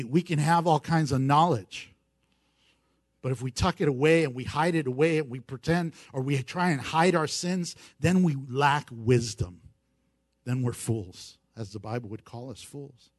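A pastor delivers a sermon to his congregation in a notably high, light voice. He builds emphasis with repeated phrases and slips in playful jokes along the way. The sound is close and dry, with no room echo. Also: normal speed. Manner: preaching with rising emphasis and playful asides. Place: church service.

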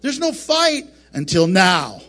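A man's voice: sits high, very animated, slow pace, pushed and bright, heavily acted. A man voicing a scornful male devil who sneers at his rival. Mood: mocking. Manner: sneering, dismissive.

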